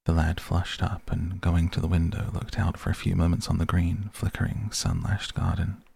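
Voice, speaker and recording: A man narrating an audiobook in a slow, measured reading style. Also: deep voice, little pitch movement, gravelly, a little mellow, husky.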